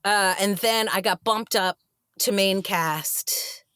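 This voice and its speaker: A woman actress as a guest in an interview, telling backstage stories in a lively way and acting out what people said. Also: mid-range voice, takes it slowly, clear, resonant tone, dry recording. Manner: animated storyteller, acts out quotes with laughs. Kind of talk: interview storytelling.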